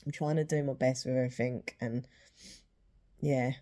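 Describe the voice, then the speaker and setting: A woman's voice: a bass voice, fairly even intonation, moderate pace, dark tone. A woman vlogging in a rambling, apologetic casual chat, emotional and close to tears, with sighs.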